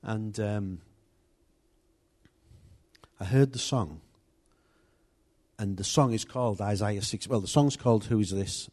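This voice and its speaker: A male preacher speaks to his congregation in a loose, chatty way, restarting sentences and turning aside to address people in the room. His voice sits a little on the low side. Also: slow pace, long pauses, a little mellow. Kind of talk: informal sermon.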